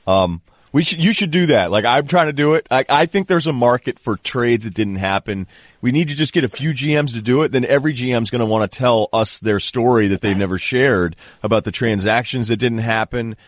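A man hosting a podcast, chatting casually with relaxed interjections and follow-up questions. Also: medium pitch, a little fast, no room sound, clean studio sound. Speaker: podcast host. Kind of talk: casual chat.

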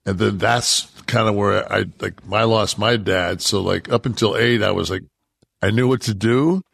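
A man's voice: lowish voice, steady tone, moderate pace, creaky, fairly bright tone, husky. A man co-hosting a podcast who tells rambling, profane stories in casual chat. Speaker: podcast co-host.

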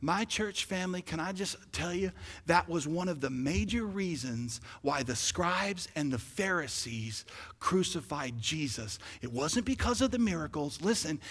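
A male pastor preaching a sermon, shifting from conversational asides to loud, emphatic calls to the congregation. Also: a little high, in a large hall. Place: church sanctuary.

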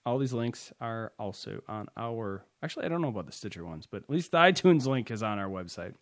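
A man's voice: lowish voice, expressive, brisk. Laid-back male podcast host. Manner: laid-back, chuckles often, loose rambling. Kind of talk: casual podcast sign-off chat.

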